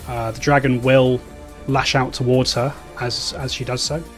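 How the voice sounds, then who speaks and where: A man's voice: medium pitch, level tone, faint music behind. A man narrating a tabletop role-playing game as game master, stopping and restarting often. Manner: halting narration with many fillers and restarts.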